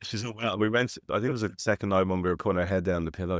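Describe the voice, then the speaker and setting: An Irish man in his thirties with a low voice co-hosts a podcast. He tells chatty stories and drops into quick impressions of the people in them. The sound is close and dry, with no room around him. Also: no echo. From Ireland. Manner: chatty storyteller, acts out quoted voices. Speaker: podcast co-host. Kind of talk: casual chat.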